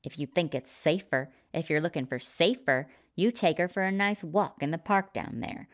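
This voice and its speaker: A woman's voice: sits low, lively intonation, normal speed. A woman voicing a fierce, scornful prepper wife who snaps at the men in a storybook reading. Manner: snapping, contemptuous.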